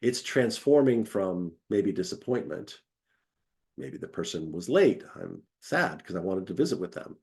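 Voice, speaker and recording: A man's voice: low-pitched, very animated, a little slow, darkish tone. A man giving a conversational academic lecture, acting out quoted voices as he explains.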